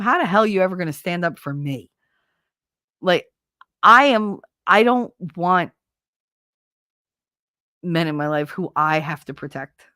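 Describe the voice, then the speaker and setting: A blunt woman with a New Jersey accent chats casually as host, swearing freely and laughing often. Her voice sits a little low. The sound is dry and close. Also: a bit bright, no room sound. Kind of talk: casual chat.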